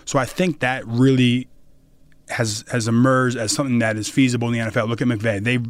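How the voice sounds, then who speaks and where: Fast-talking young man telling stories. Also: medium pitch. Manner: fast, animated storytelling with casual cursing. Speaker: guest, pro football lineman. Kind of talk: casual podcast interview. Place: podcast studio.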